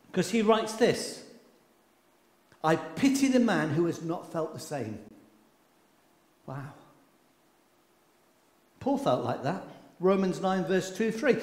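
A man preaching a sermon with passion, swinging from loud outbursts to hushed lines, recorded in a church. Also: high-pitched. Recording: echoey hall with long reverb.

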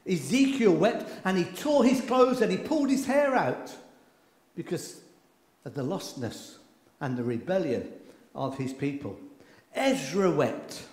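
A man preaching a sermon with passion, swinging from loud outbursts to hushed lines, recorded in a church. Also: high-pitched, lively intonation, unhurried. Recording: echoey hall with long reverb.

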